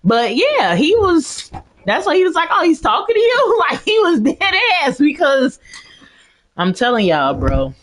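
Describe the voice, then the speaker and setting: A woman's voice: high voice, very animated, a little slow. A middle-aged woman chatting casually and profanely to her stream audience while gaming, laughing at her own jokes.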